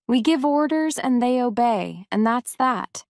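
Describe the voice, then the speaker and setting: A spoiled, bad-tempered little girl, as a woman reading aloud puts her on snaps orders in a haughty, petulant voice. Her voice sits high and clear, and she speaks slowly with careful diction. It is a calm storybook reading with the sound of a close microphone. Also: no echo.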